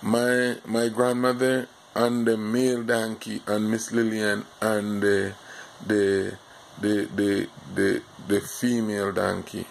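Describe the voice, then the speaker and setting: A Jamaican man drawls through a casual storytime monologue, slow and rambling, with plenty of filler words. His voice is gravelly and sits low and flat. A faint hum of noise sits under the recording. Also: rough recording. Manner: rambling, halting delivery full of "you know" fillers.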